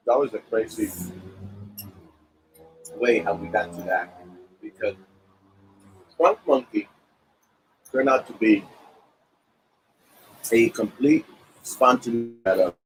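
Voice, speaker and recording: A man's voice: on the low side, slight background noise, low-quality recording. A middle-aged man, a musician, telling stories in a casual interview at a cafe and acting out the quotes of the people in them. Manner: animated anecdotes with acted-out quotes. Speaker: musician guest.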